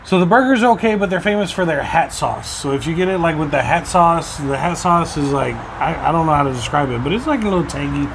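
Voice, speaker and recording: A man's voice: a little high, animated, fast, gravelly, hardly any pauses, a little hiss or hum. A man co-hosting a podcast, chatting in an easygoing way, swearing casually and laughing at his own stories. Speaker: podcast co-host. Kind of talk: casual chat.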